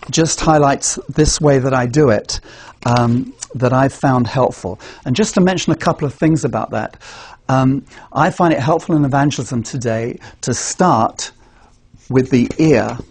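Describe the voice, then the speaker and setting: A man's voice: medium pitch, a little mellow, breathy edge, dry recording. An English man demonstrating a gospel presentation, earnest, asking rhetorical questions and answering them himself. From England. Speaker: evangelism trainer.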